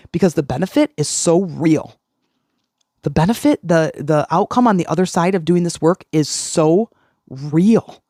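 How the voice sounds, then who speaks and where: A middle-aged podcast host coaching listeners through a self-help talk. The delivery is earnest, circling back to the same phrases to stress them. The voice sits at a middling pitch and sounds dry and close, with no room around it. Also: a little mellow, no echo. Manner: earnest, repeats key phrases for emphasis.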